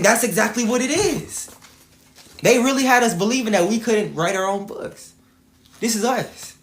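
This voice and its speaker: A man's voice: high-pitched, fairly bright tone. Man, combative, profane, livestream host, echoey room sound. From Atlanta, Georgia, US. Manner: profane and combative, repeats himself. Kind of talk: livestreamed rant.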